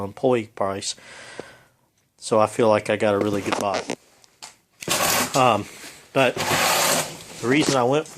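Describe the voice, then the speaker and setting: Guy, lowish voice, folksy and rambling, home garage vlog with faint workshop noise behind. Camera mic, casual delivery. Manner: rambling, folksy, lots of ums. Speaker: home mechanic filming a repair.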